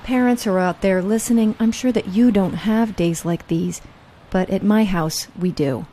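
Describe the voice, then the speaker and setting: A woman hosting a show and reading her own personal story aloud with a wry, candid, gently humorous manner. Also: medium pitch, moderate pace, a little hiss or hum. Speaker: host and storyteller.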